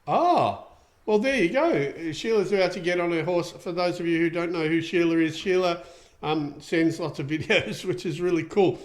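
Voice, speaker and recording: A man's voice: sits high, lively intonation, normal speed. A middle-aged Australian man hosting a casual livestream show, rambling and chatty with lots of ums as he reads out viewer comments. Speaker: show host.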